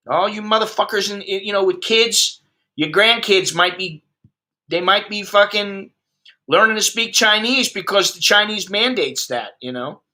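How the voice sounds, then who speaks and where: This is a high male voice, a little slow, pushed and bright. It belongs to an expat vlogger from the United States, a man in his fifties who rants bluntly and profanely while chatting with his livestream audience.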